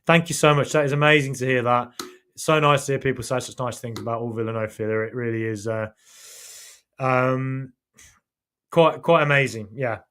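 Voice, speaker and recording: Male podcast host, casual live-chat read, mid-pitched, loose and chatty with fillers. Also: fairly even intonation, normal speed, fairly bright tone, smooth. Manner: chatty, thanks viewers, many fillers and restarts.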